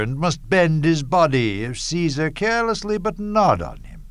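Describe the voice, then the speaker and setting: An actor playing Cassius, a bitter, scheming Roman nobleman, reading Shakespearean verse in a measured, declamatory way with bursts of scorn. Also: medium pitch, a bit bright, no echo, clean studio sound. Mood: scornful.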